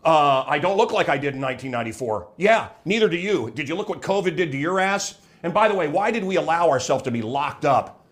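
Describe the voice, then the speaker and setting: A man's voice: a little high, animated, fairly quick. An older man, a former radio host, talking straight to camera in a rambling, sarcastic vlog monologue. He often stops himself mid-thought and puts on mocking voices. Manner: brash, sarcastic, rambling with self-interruptions.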